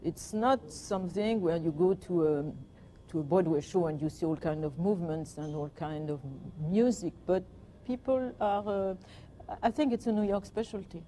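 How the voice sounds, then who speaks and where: Older French woman, mellow low voice. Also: moderate pace, a little hiss or hum. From France. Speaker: guest, performer. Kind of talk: reminiscing interview.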